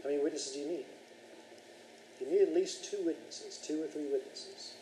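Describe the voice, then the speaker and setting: A man's voice: fairly high pitch, normal speed, warm tone, echoey room, slight background noise, rough recording. A man leading a Bible study class, reading scripture aloud and then explaining it and questioning his students.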